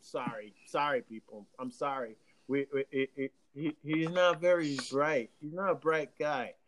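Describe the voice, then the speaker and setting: A man with a Jamaican accent, from Jamaica, hosting a live radio talk show; animated, laughing often and stammering through restarts. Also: on the high side, a little slow, slight background noise.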